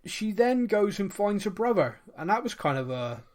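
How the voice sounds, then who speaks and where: A man's voice: sits high, big pitch swings, normal speed, darkish tone. A British man hosting a casual podcast chat, chatty and fond of mocking posh voices. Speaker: podcast host.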